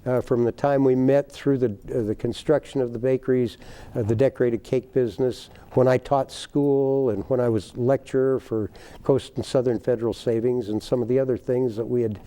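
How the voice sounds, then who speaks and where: An older man, a baker, telling stories in a TV interview in a folksy, animated way, acting out the people in his tales. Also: mid-range voice, moderate pace, clean tone. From United States. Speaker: guest, baker. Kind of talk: storytelling in a TV interview.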